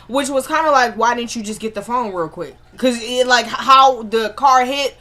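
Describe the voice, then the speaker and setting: A woman recapping a TV episode in a casual vlog from her home kitchen, chatty and animated, with exasperated asides. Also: on the high side, moderate pace, few pauses. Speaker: TV episode reviewer.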